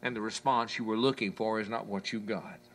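A man preaching a sermon, quoting scripture and acting out people's complaints, swinging between loud proclamations and hushed asides. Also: on the low side, steady tone, brisk. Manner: preaching, quotes scripture, voices the complaints of listeners.

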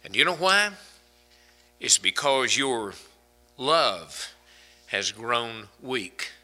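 A man preaching a sermon, swinging between loud emphatic peaks and hushed low phrases, and slowing down to draw out quoted scripture. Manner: quotes scripture in slow, drawn-out delivery.

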